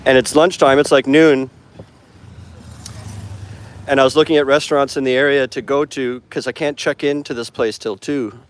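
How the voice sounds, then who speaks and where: A man's voice: mid-range voice, fairly even intonation, normal speed, pauses often. A man chatting casually in a live stream while walking outdoors along a city street, talking into his phone in a rambling way with lots of fillers. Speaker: English teacher and vlogger. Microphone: phone camera held while walking.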